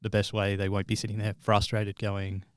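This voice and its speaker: A man's voice: lowish voice, completely flat delivery, normal speed, dry recording, studio quality. A man hosting an interview podcast, asking long, wordy questions. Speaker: podcast host.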